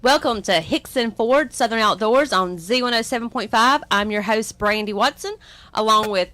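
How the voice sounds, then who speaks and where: A woman's voice: a little high, normal speed, bright, forceful tone, no room sound. A woman from Louisiana with a country twang, hosting a casual outdoors radio chat. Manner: chatty, easy laughs. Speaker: host.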